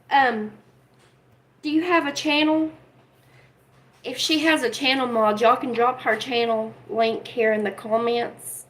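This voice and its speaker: A woman hosts a relaxed livestream from home, speaking earnestly and emotionally to her viewers. Her voice sits a little high, and she addresses the chat directly. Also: slow pace, rough recording. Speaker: livestream host.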